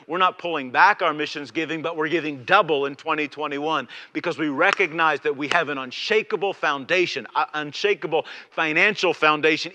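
A man's voice: a little high, pushed and bright. A man preaching a sermon as pastor of his church, fervent, repeating phrases and restarting mid-sentence.

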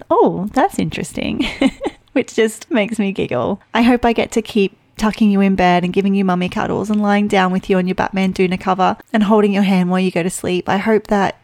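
Solo woman podcast host in her 30s, reflective and heartfelt, gravelly fry in the voice, dry close sound. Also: mid-range voice, darkish tone, dry recording. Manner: heartfelt, reflective, quick chatty delivery. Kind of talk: personal podcast monologue.

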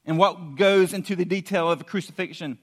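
High-voiced man preaching casually. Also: fairly quick. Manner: lively, casual storytelling with props. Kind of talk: sermon.

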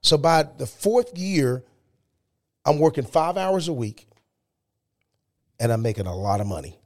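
A man telling his life story as a podcast guest, animated and emphatic. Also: a little high, measured pace. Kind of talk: storytelling interview.

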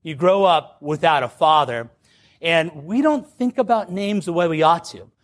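A man's voice: fairly high pitch, moderate pace. Man telling a story in a roomy hall. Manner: informal, many "like" fillers and restarts, lively retelling. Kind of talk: personal storytelling talk. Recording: roomy, distant mic, faint background noise.

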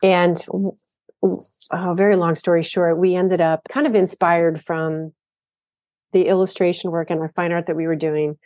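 A woman guest in an interview, telling stories about her design work in a lively, enthusiastic way. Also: fairly low pitch, moderate pace, no echo. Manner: storytelling, enthusiastic. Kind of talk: casual interview talk.

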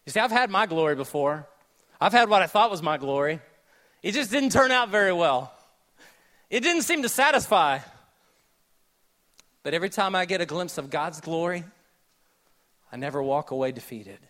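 A man preaching a sermon with a Southern US accent, joking with the congregation, then dropping to a hushed, slow delivery. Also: high voice. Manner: animated, jokey asides, shifts between loud and hushed delivery. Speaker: pastor.

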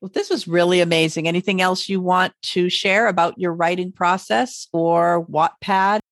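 A woman hosts a teaching podcast, sounding encouraging and enthusiastic as she talks with a guest and reads her outro. Her voice is fairly low with fairly even intonation and a moderate pace. The recording is dry and studio quality, with faint background music in the outro.

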